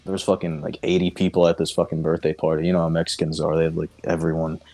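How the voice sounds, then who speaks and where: A man with a very low voice rambles through a long, loose anecdote on a podcast. He swears freely and keeps breaking into laughter as he tells it, with faint music just audible behind him. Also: completely flat delivery, fast, mellow. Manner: profane, laughing through his story. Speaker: podcast co-host. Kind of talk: casual storytelling chat.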